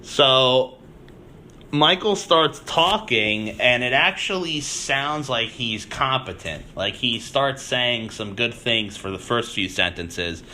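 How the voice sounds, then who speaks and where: A man hosts a podcast with a bright, forceful voice at an average pitch. He recaps an episode in a chatty way and laughs often, and faint noise hums behind him. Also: animated, slow. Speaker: podcast host.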